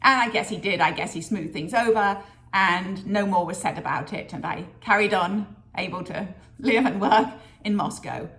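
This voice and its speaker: A woman vlogging a workplace story, lively and acting out the voices of people she quotes. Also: medium pitch, moderate pace. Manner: lively storyteller who acts out quoted dialogue. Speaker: business leader sharing a career story. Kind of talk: storytelling vlog.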